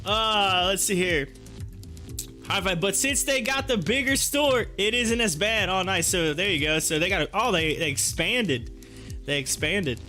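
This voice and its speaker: A man's voice: high voice, animated, measured pace, sharp tone, soft background music. A man hosting a stock market livestream in casual chat, joking and laughing often while eating as he talks.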